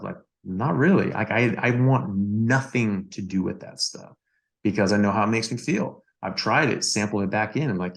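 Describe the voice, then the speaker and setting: A deep-voiced man with a gravelly edge tells a story on a podcast. He talks casually as a doctor guest, circling back with fillers and doubled words. His delivery stays animated and loose. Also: a little fast.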